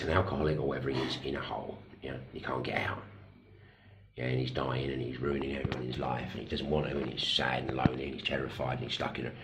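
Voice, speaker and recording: A middle-aged man, a recovering addict speaking candidly in a personal vlog, blunt and self-deprecating, telling a story slowly with pauses. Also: a bass voice, creaky, noisy background.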